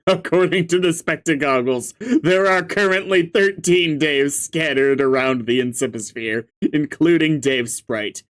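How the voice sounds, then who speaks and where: A man reads a webcomic aloud in a slightly high voice, taking his time over each line. He stammers and laughs often, with sudden outbursts as he reacts to what he reads. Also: a little slow.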